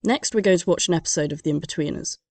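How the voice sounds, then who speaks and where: Woman narrator for comedy animation, sardonic and deadpan, lowish mellow voice, close dry mic. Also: very fast, no room sound.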